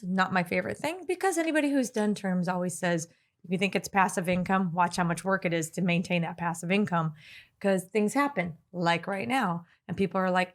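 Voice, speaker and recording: Earnest, mid-pitched woman co-hosting a podcast. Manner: earnest, laughs easily. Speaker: podcast co-host. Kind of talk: casual business podcast chat.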